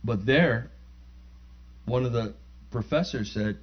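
An older man preaching and telling a family story, with halting restarts that build into loud, excited bursts. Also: mid-range voice, lo-fi sound. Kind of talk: storytelling sermon.

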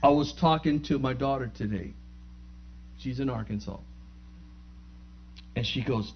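An older man preaching and telling a family story, with halting restarts that build into loud, excited bursts. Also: medium pitch, dull audio, a little hiss or hum. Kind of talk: storytelling sermon.

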